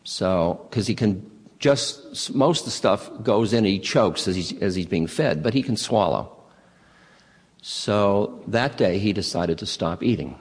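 A man with a very low voice gives a spiritual talk, winding through anecdotes at an unhurried pace with halting restarts. His voice rings with a long echo, as if it were recorded in a large hall. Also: animated, breathy edge. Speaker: spiritual teacher.

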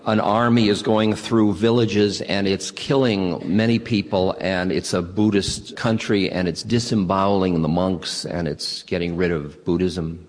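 A man with a very low voice gives a spiritual talk, winding through anecdotes at an unhurried pace with halting restarts. His voice rings with a long echo, as if it were recorded in a large hall. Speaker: spiritual teacher.

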